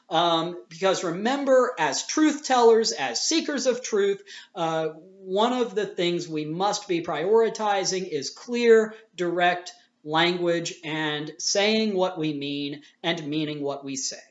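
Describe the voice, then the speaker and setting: Male teacher, conversational lecture, fillers and restarts, echoey muffled recording. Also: sits high. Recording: roomy, dull lo-fi sound.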